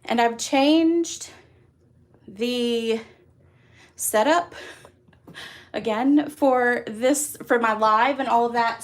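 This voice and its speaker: Hosting a live class as a craft demonstrator, a woman with a slightly high voice guides viewers through a project from her home craft room in a casual stream. She's upbeat and chatty, her speech peppered with ums and little laughs.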